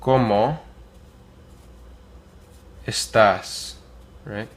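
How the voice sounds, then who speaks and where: Relaxed low-voiced man teaching Spanish. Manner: relaxed, many ums, models phrases slowly. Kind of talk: casual spoken lesson.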